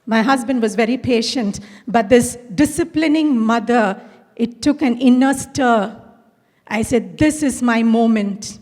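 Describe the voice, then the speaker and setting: Casting: middle-aged Indian English woman, school principal, stage storyteller, higher voice, big hall reverb. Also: unhurried, a little mellow. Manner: storytelling, acts out quoted dialogue. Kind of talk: inspirational conference talk. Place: large conference hall.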